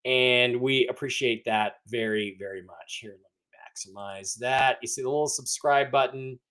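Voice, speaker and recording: A man's voice: mid-range voice, normal speed, fairly bright tone. A man hosting a casual livestream, greeting viewers by name and rambling with many restarts and mock-hurt teasing. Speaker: livestream host.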